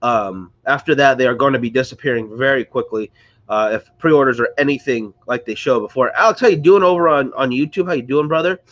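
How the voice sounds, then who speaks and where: A man's voice: mid-range voice, a little fast, a bit bright, highs cut off. Congested man chatting on a livestream. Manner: rambling, chatty, greets viewers. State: congested, under the weather. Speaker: livestream host. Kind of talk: casual live-stream chat. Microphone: close to a screen or phone.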